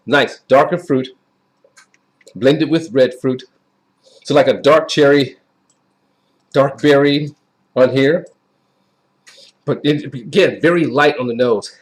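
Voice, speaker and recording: A man giving a casual, chatty wine review in a folksy way that often repeats itself. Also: mid-range voice. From Wisconsin.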